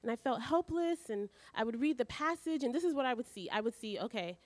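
A woman preaching a sermon, her fairly high voice rising as she fires off strings of questions. She tells a personal story in an animated way. The sound is dry and close. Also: brisk, few pauses, no echo. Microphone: handheld mic.

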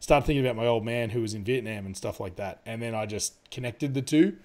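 A man's voice: medium pitch, quick pace, darkish tone. Rambling, swearing man reviewing a movie. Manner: rambling, laughs often, swears freely. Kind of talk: casual movie review chat.

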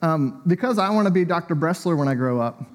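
A man's voice: fairly high pitch, lively intonation, fairly quick. A man preaching a sermon in a conversational, storytelling way, often with a light chuckle.

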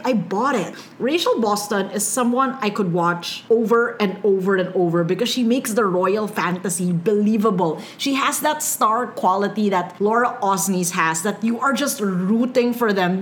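A woman co-hosting a casual movie chat, gushing and animated, with quick asides and frequent laughter. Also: medium pitch, a little hiss or hum. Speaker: podcast co-host reviewing holiday movies.

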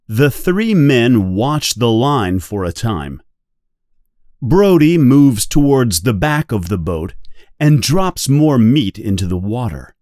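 Guy reading a story slow and clear for english learners, lots of rise and fall, dry close sound. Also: medium pitch, no echo. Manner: clear, careful, expressive. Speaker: reader.

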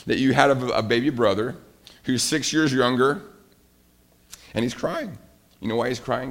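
A middle-aged man preaching a sermon, telling a story and talking directly to the children. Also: medium pitch. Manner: animated storytelling, addresses kids directly. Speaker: pastor.

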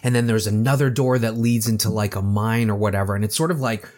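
A man's voice: fairly low pitch, quick pace. Talkative man discussing a movie. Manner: animated, acts out quotes, conversational asides. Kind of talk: casual film discussion.

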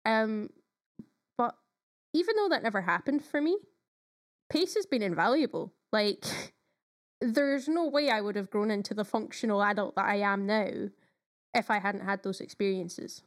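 A woman's voice: medium pitch, expressive, unhurried. A woman co-hosting a podcast in casual chat, talking with enthusiasm and lots of fillers. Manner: chatty, enthusiastic, frequent fillers. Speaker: podcast co-host.

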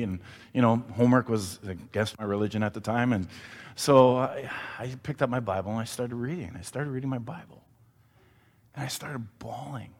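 Animated preacher man in a reverberant hall. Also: medium pitch, a little fast. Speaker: pastor. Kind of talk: sermon.

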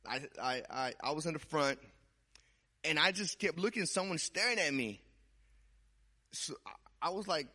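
Young male preacher, bright, slightly high voice; chatty testimony, stumbles over repeated words. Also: normal speed. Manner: conversational, repeats words, swings from loud to hushed. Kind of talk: sermon with personal testimony.

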